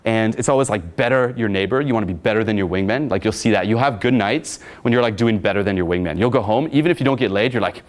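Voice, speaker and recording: A man's voice: fairly low pitch, fast, few pauses. A young man giving casual, profane coaching talk about dating, with a swaggering tone.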